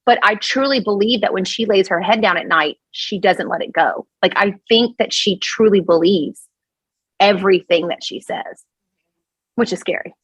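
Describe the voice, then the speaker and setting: Husky-voiced Cajun woman telling a story. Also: mid-range voice, moderate pace, no room sound, poor audio. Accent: Cajun Louisiana. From Louisiana. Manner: animated, rambling storyteller. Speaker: podcast guest. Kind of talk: casual storytelling chat.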